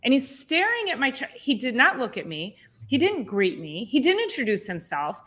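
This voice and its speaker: A woman chiropractor hosting a podcast, telling a story in an animated, indignant way with lots of restarts. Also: sits high, normal speed. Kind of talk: casual podcast chat.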